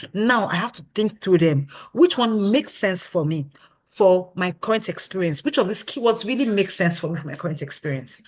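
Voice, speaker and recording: A woman guest in an interview, a product consultant explaining her approach emphatically and often asking "you understand?". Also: mid-range voice. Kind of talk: casual interview answer.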